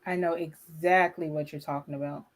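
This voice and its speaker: Chatty excitable woman co-hosting a livestream. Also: low-pitched, normal speed. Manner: chatty and excitable, lots of fillers. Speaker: livestream co-host. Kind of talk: casual live watch-party chat.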